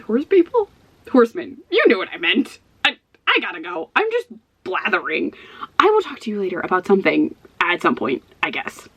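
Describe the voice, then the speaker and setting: A woman's voice: lowish voice, huge pitch swings, brisk, fairly bright tone, slightly rough. A stressed woman rambling to her camera in a casual book vlog. She talks in loose, self-deprecating asides, breaking into small laughs as she goes, recorded in her own office. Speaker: book vlogger.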